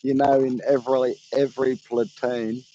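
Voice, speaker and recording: A man in casual chat who breaks in with slow, crude remarks and laughs often. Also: mid-range voice, little pitch movement, mellow, dull audio.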